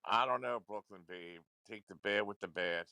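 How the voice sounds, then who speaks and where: A man's voice: on the low side, moderate pace, gravelly, bright, forceful tone, smooth, dry recording. A man ranting into a livestream, confrontational and repetitive, swearing often. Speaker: livestream commentator.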